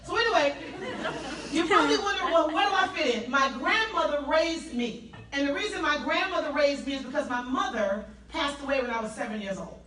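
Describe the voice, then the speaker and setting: A woman from South Carolina with a Southern accent, telling her life story to an audience in an animated way and drawing answers from the crowd. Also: sits high, brisk, reverberant, distant mic, low-quality recording. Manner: animated, laughing, call-and-response with the crowd. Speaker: motivational speaker. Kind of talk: testimony speech to an audience.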